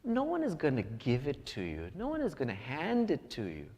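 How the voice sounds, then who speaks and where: A man preaching to a congregation in a large hall with a long trailing reverb. His pitch swings widely as he tells personal stories and climbs to emphatic points. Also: wildly swooping pitch, normal speed, a little mellow, lo-fi sound. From United States. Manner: storytelling, rising to emphatic peaks. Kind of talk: sermon.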